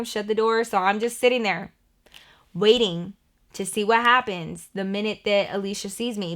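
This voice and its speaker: A young woman vlogger telling a personal story in a chatty, animated way, full of "like" fillers. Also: mid-range voice. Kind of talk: storytime vlog narration.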